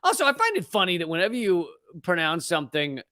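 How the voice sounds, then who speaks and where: A fast-talking American man with a high voice, huge pitch swings and a sharp tone hosts his live comedy show in a dry recording. He rants casually and sarcastically about the news, mocking pronunciations, often restarting and laughing as he jokes.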